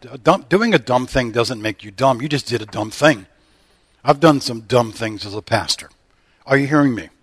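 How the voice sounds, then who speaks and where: A man's voice: medium pitch, a bit bright. A male pastor delivers a sermon in an ordinary mid-range voice. He preaches with repeated declarations and call-and-response questions to his congregation. The sound is dry and close, with little room echo.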